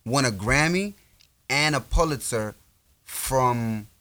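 A man's voice: mid-range voice, lively intonation, takes it slowly, pushed and bright. A man in casual podcast banter with friends, explaining facts and making emphatic comparisons.

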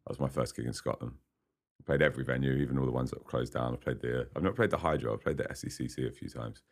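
Gravelly and very deep, the voice belongs to a singer-songwriter who fires off words rapidly as a podcast guest. The studio interview is casual, full of rambling and frequent laughter.

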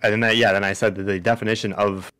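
A man's voice: on the low side, little pitch movement, quick pace, a bit bright, smooth. A man co-hosting a casual podcast, talking in a hesitant way with many restarts. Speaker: podcast co-host.

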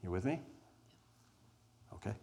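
A man leading a group through a spoken exercise, talking deliberately and emphatically, with weighted pauses. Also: warm tone. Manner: says he is an introvert. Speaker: group workshop leader.

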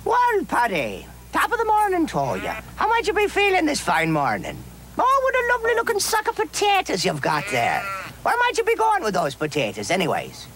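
A man's voice: extremely high pitch, huge pitch swings, brisk, voice pushed up, exaggerated voice. A man voicing Mikey, a rambling, aggrieved man in a comedy sketch. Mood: aggrieved rant. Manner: ranting, rambling, escalating complaints.

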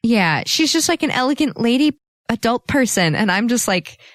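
A woman in her twenties co-hosts a podcast, chatting casually in a giggly, animated way and laughing often. Her voice is on the high side at a moderate pace, in a studio-quality recording with no room sound.

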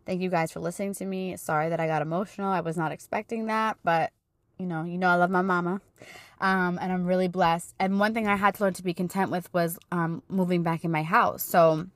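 A woman's voice: fairly low pitch, steady tone, fairly quick, dry recording, clean studio sound. A woman in her thirties, hosting a podcast as a life coach, talking casually and encouragingly, fervent in her faith. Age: 30s. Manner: chatty, encouraging, faith-filled; emotional and fervent in praise. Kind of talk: casual motivational talk.

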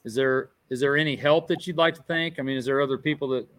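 An easygoing male podcast host who chats casually and loosely, with plenty of fillers and restarts. His voice sits in a middle pitch. It is recorded dry and close to the mic. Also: steady tone, fast talker, a bit bright, dry recording. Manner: easygoing, chatty, many fillers. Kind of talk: casual chat.

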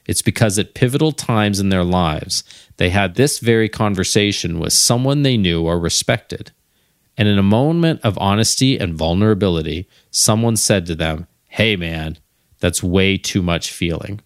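A man's voice: low voice, smooth, dry recording, clean studio sound. A middle-aged man talking through a personal reflection, candid and musing, often searching for his words.

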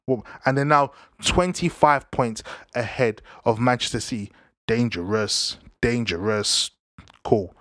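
Slangy young football ranter. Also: male voice, medium pitch, moderate pace, no room sound, clean studio sound. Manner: animated, slang-heavy, laughing. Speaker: football vlogger. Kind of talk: casual football banter.

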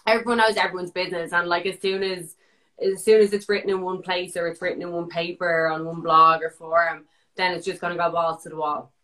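A young woman with an Irish accent, a guest telling a story in casual chat, animated, swearing freely and full of "like" fillers. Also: on the low side, a little fast.

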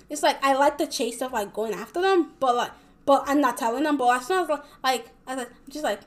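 A young woman rambling casually in a vlog, packing her talk with fillers and swearing a lot. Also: high-pitched. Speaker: vlogger.

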